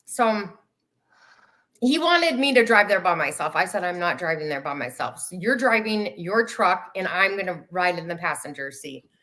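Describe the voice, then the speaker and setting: Over a video call, a woman guest tells her own story in a casual, animated way, acting out the voices of people she quotes. Her voice is on the low side and her pace is moderate.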